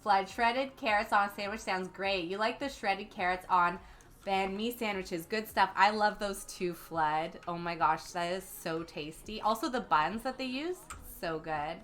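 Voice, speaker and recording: Chatting through a casual gaming livestream, a young Canadian host reads viewer comments aloud and says "um" a lot. She speaks a little slowly in a mid-range, slightly bright voice.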